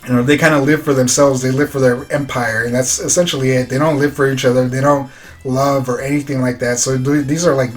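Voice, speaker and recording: A man giving a casual recap of a show episode, retelling scenes loosely with lots of fillers and quoted dialogue. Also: medium pitch. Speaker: reviewer.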